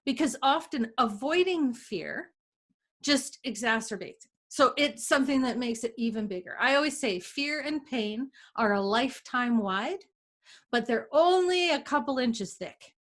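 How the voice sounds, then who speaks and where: A woman's voice: on the high side, animated, measured pace, a bit bright. A middle-aged woman, a healer, teaching in a casual conversation, acting out inner dialogue as she explains and laughing often. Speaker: energy healer guest.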